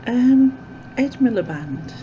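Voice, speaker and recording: A woman's voice: on the high side, lively intonation, takes it slowly, dark tone, lo-fi sound, a little hiss or hum. Chatty woman vlogging. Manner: chatty and rambling, with lots of "um" and "like". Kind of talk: casual chat to camera.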